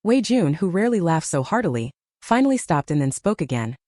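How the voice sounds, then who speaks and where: A woman narrating a scripted story with an expressive reading. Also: lowish voice, fairly quick, no room sound, clean studio sound.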